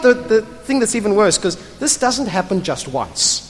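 Animated preacher in a reverberant hall. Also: mid-range voice, normal speed. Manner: animated, conversational, asks rhetorical questions; blunt and emphatic. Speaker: pastor. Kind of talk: sermon.

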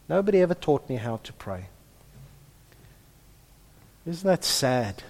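A man in the role of pastor, praying softly and then preaching with emphasis. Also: a little high, slow, creaky, long pauses. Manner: hushed in prayer, then lively and emphatic preaching. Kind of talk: prayer and sermon. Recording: long reverb of a large hall.

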